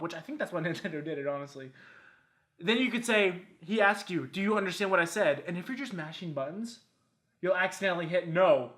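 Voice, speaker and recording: A man's voice: high voice, lively intonation, quick pace, bright, forceful tone. A man co-hosting a video game countdown show, announcing the entries and joking in casual, profane banter. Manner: profane, jokey, announces the list. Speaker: co-host of a gaming countdown show.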